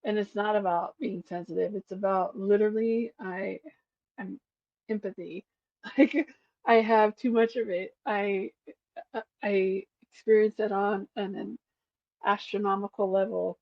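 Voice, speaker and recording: A woman co-hosting a casual podcast, speaking softly as she works through a list and ties each point to her own life. Her recording is a bit muffled and lo-fi, and the sound is dry with no room echo. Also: mid-range voice, fairly even intonation, unhurried. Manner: soft-spoken, reads points then relates them to herself. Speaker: podcast co-host. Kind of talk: casual chat, reading a list aloud.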